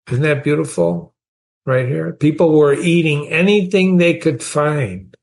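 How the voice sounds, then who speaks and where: A man's voice: a little high, animated, a little slow, gravelly. A man, teaching a short story in a conversational way and often asking the listener questions. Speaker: literature teacher.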